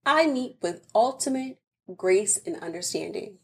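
Young woman co-host, husky voice, playful and animated, loves acting out both sides of a spat. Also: mid-range voice, unhurried. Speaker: podcast co-host. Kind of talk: casual chat.

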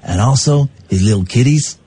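Comic radio bit: man doing a husky, sneering gangster heavy, low and slow. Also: expressive, mellow. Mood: threatening. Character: menacing male gangster henchman, defiant and threatening. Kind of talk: comic improvised role-play on radio.

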